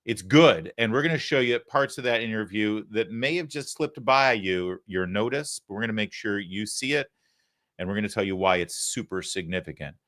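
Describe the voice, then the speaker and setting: A middle-aged man hosting a live political talk show, delivering an energetic, emphatic monologue that swings between punchy lines and muttered asides. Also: fairly low pitch, moderate pace. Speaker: show host.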